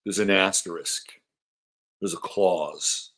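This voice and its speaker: A man's voice: low-pitched, steady tone, slow pace. Rambling, chatty man hosting an astrology show. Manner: rambling, chatty, repeats himself; coos softly to his dog. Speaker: astrology podcast host. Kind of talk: casual astrology talk.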